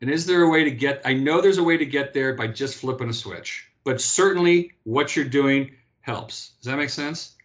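This is a former pro athlete in his fifties, a guest in a casual interview, telling stories with animation, often restarting and repeating words. He speaks at a normal speed in a medium-pitched voice, barely pausing.

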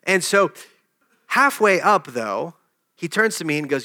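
A man's voice: high-pitched, big pitch swings, moderate pace, bright, forceful tone. A man preaching a sermon, telling a personal story in a conversational way and joking with the congregation. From desert region. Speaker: pastor.

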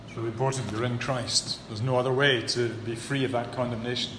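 A man preaching a sermon, building to emphatic peaks and then dropping low and earnest. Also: little pitch movement, brisk, few pauses. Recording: echoey hall with long reverb, faint room hum.

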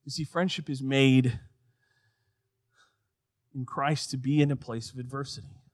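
A man preaching a sermon, swinging between loud emphatic lines and quiet, soft passages. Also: mid-range voice, fairly even intonation, measured pace. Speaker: pastor.

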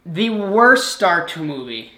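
A man co-hosting a podcast, chatting about a movie in an exclamatory way and quick to complain. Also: high voice, big pitch swings, bright, forceful tone. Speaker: podcast co-host. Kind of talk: casual movie-review chat. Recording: roomy echo.

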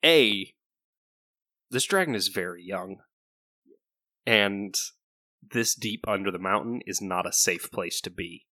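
A man's voice: deep voice, slow pace, long pauses, bright, forceful tone, no echo, clean studio sound. A man hosting and running a tabletop game as game master, narrating in a casual, laid-back way.

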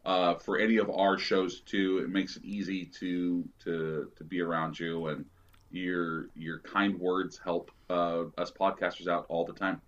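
A man's voice: sits low, level tone, unhurried. A man guest on a podcast, chatting casually and rambling with lots of fillers. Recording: dull lo-fi audio.

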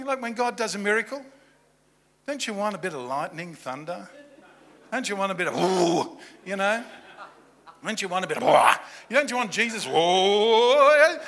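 A man preaching a sermon, animated, moving from loud emphasis to hushed, intimate asides and acting out voices from the story. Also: high-pitched. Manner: acts out voices of people in the story. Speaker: pastor.

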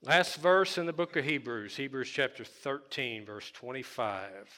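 A man's voice: mid-range voice, a little slow, pushed and bright. A man pastor preaching a conversational sermon, with fillers and repeated words for emphasis.

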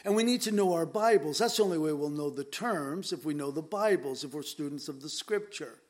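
A man's voice: a little high, lively intonation, brisk. A man preaching a conversational sermon to his congregation, earnest and emphatic, often repeating words as he presses a point.

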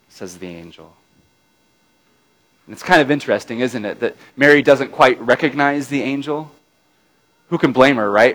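A male preacher with a mid-pitched voice delivers a sermon as a dramatic retelling. He drops to a near-murmur for the tender moments, then lifts again, drawing his listeners in with questions like "right?" and "don't they?". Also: rough recording. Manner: addresses listeners with tag questions.

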